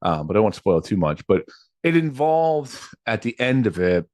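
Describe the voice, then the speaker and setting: A man's voice: on the low side, sing-song, moderate pace, a little mellow, no echo. A man hosting a podcast, chatting loosely and laughing easily, with many restarts. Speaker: podcast host. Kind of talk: casual chat.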